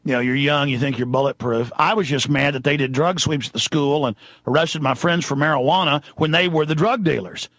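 A man from Texas hosting a talk show, ranting angrily and shouting accusations into the microphone. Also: a little high, a little fast, hardly any pauses, dry recording, muffled recording. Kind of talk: angry political rant.

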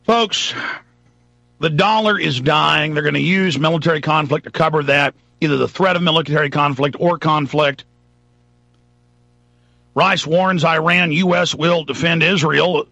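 A man's voice: on the high side, unhurried, vocal fry, pushed and bright, dry recording. A man hosting a talk radio show, delivering an emphatic, ranting monologue. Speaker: radio host.

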